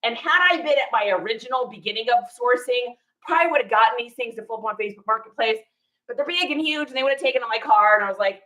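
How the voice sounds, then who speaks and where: A woman reseller telling a story in casual chat while showing her garage sale finds, animated and laughing as she acts out the people she met. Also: on the high side, fast, rough recording.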